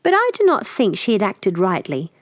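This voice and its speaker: Female storyteller, clear measured fairy-tale reading, dry close sound. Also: mid-range voice, wildly swooping pitch, dry recording. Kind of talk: storybook narration for learners.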